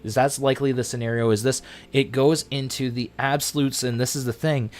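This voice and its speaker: A man hosts a livestream teaching a Bible passage casually and jokingly, with playful asides and sudden jumps in pitch. Otherwise his intonation is fairly even, his tone darkish, and his pace a little fast.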